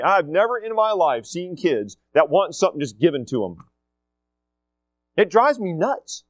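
Addressing students, a middle-aged school leader with a high-sitting voice speaks casually yet emphatically, hammering home his main points through repetition and acted-out quotes. There's no echo.

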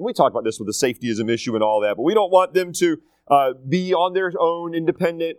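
A man's voice: fairly high pitch, sing-song, fast talker, few pauses, no room sound. A middle-aged man gives a casual, emphatic talk to students, repeating his key points. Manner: emphatic, repeats key phrases, acts out quotes. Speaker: school leader addressing students.

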